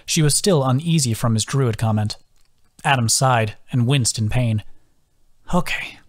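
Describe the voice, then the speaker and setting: A man's voice: mid-range voice, moderate pace. Man narrating a fantasy audiobook. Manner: steady storytelling. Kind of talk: scripted narration.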